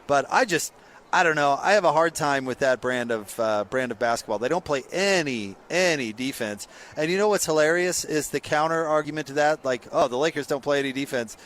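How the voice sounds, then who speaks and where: A man hosting a sports radio show, giving blunt, sarcastic opinions in an animated rant. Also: a little high, normal speed.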